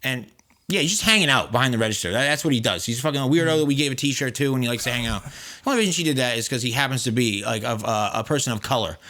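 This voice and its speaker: Fast-talking, brash male podcast host. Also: medium pitch. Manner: profane, animated retelling with quoted voices; fast, rambling with fillers. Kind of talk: casual storytelling chat.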